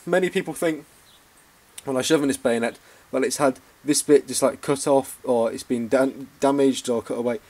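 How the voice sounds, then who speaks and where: Yorkshire bloke, collector-reviewer, mid-pitched, halting delivery full of ums and restarts, recorded on a camera mic. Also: male voice, steady tone, darkish tone. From Yorkshire, England. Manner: hesitant, frequent ums and self-corrections. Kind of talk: informal hobby review vlog.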